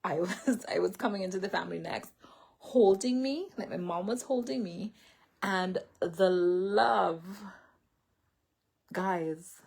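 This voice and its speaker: Husky slow-talking woman, rambling. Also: fairly low pitch, a little mellow. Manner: rambling, full of "like" and self-corrections, laughs often. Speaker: vlogger sharing a faith and healing story. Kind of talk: casual spoken testimony. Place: indoors, seated in a chair. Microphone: camera.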